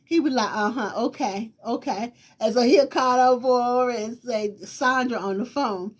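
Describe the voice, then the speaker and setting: A high-voiced woman host, telling her own story in a casual, lively way. She has a distinctive voice and keeps repeating herself and acting out what people said. Her talk wanders and loops back. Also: a little slow. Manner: animated, repetitive retelling with quoted dialogue and laughter.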